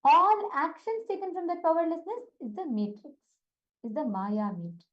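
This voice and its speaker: A woman's voice: extremely high pitch, expressive, normal speed. A woman retelling a scripture story in a spiritual lesson, earnest and full of "uh" fillers. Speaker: spiritual teacher. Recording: dull lo-fi recording.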